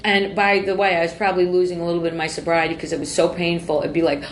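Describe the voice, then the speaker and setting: A woman in her forties with a lowish voice tells her story bluntly, swearing freely and breaking off mid-sentence. The room is roomy and echoey, with a faint hum of ambience behind her. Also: flat delivery, very fast. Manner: raw, profane, self-interrupting. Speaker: guest. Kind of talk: candid personal storytelling.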